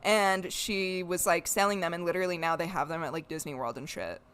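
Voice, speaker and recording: A woman's voice: on the low side, brisk, fairly bright tone, smooth. A young woman co-hosting a podcast, chatting casually and jokingly, rambling and swearing as she goes. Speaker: podcast co-host. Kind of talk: casual political chat.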